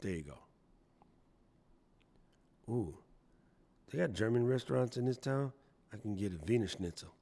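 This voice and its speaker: Animated chatty man hosting a livestream. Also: medium pitch, normal speed, creaky, pauses often. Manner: playful, chatty, reads chat aloud, jokey voices. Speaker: livestream host. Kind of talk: casual live stream chat.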